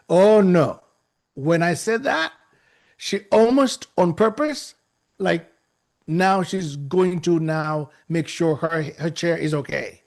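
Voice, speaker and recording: High, gravelly male storyteller. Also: a little slow. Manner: animated, acts out the people in the story; restarts and repeats himself for effect. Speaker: guest speaker. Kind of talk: storytelling talk.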